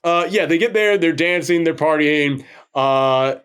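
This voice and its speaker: A man co-hosting a movie review show from a couch, chatting casually and rambling with animated asides. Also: on the high side, measured pace, clear, resonant tone. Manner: chatty, rambling, animated with frequent laughs and quoted voices. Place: living room, on a couch.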